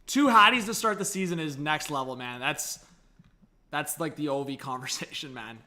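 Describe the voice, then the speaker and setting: Bright, high-voiced hyped hockey streamer. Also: male voice, normal speed. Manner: excitable, hyped, addresses the chat directly. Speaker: live-stream hockey commentator. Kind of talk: live reaction commentary.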